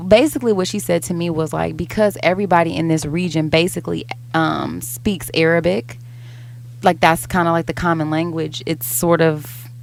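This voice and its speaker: A woman co-hosting a podcast in casual chat, animated and questioning, swearing casually. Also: fairly low pitch, moderate pace, creaky, slight background noise. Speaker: podcast co-host.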